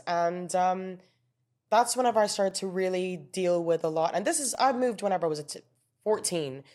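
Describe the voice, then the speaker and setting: An interview guest talks casually and earnestly, explaining things at length and restarting her sentences as she tells her story conversationally. Her voice is on the low side and darkish, at a normal speed.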